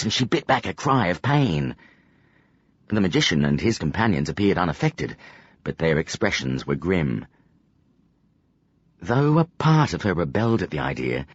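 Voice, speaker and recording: A man narrating an audiobook in a scripted, expressive and dramatic storytelling style. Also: low-pitched, husky, dry recording, muffled recording.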